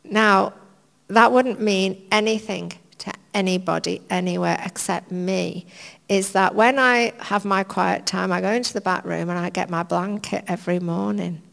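A woman preacher giving an informal sermon in a church hall, chatty, anecdotal and gently humorous. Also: medium pitch, fairly even intonation, normal speed, vocal fry. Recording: long reverb of a church hall.

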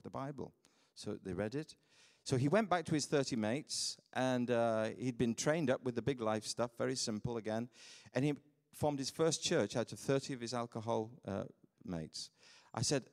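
A middle-aged man from the UK, a pastor preaching a sermon and telling mission stories with animated delivery, laughing at his own tales. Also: medium pitch, moderate pace, big-room sound. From United Kingdom.

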